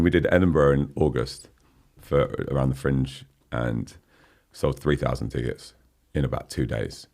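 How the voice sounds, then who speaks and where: A man's voice: very deep voice, a little mellow. A man in his forties, a guest musician chatting casually in a podcast interview, laughing often and saying "you know what I mean" a lot. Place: podcast studio.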